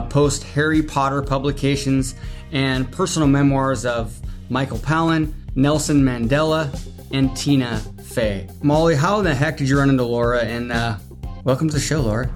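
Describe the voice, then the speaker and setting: A man's voice: mid-range voice, steady tone, moderate pace. A man hosting a podcast, opening the show and introducing a guest in an upbeat, enthusiastic way. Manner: upbeat, enthusiastic announcer delivery. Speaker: podcast host. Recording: guitar music playing under the voice.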